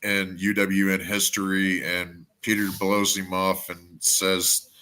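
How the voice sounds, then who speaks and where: A man's voice: deep voice, level tone, slow pace, sharp tone. A man co-hosting a wrestling podcast, chatting casually, stammering and swearing as he rambles. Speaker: podcast co-host.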